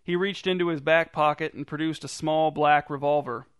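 A man reading a story aloud in a dry, deadpan narrating manner. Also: a little high, normal speed, clear, resonant tone, no room sound. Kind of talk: scripted narration.

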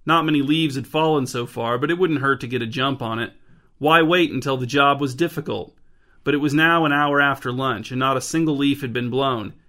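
Male narrator, deadpan scripted short-story reading, mid-pitched. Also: brisk.

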